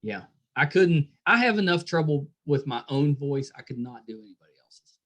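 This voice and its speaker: A man's voice: fairly high pitch, sing-song, moderate pace, a bit bright. A middle-aged man hosting a podcast interview, easygoing and jokey in casual chat. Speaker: podcast host.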